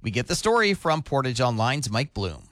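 A male radio news anchor reading a scripted local newscast in a steady, measured delivery. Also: mid-range voice, no room sound, studio quality.

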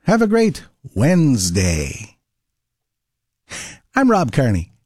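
A man's voice: mid-range voice, wildly swooping pitch, takes it slowly, a little mellow, breathy edge, no echo, studio quality. A man with a Canadian accent delivering a wry, playful scripted radio segment. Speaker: radio host.

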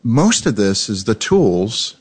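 Deep, husky-toned male host, relaxed conversational interviewer. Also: takes it slowly. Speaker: radio show host.

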